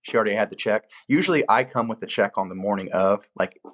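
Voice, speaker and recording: A man with a slightly low voice tells stories from a film set in a relaxed interview. He acts out the people he quotes with lively jumps in pitch, then settles back into easy storytelling. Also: fast, highs cut off. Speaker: film location manager, guest.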